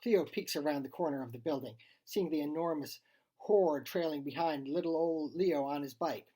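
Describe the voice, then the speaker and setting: Storybook reader, husky, expressive, acts out the lines, mid pitch. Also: normal speed. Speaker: reader of a child's short story. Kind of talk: storybook read-aloud.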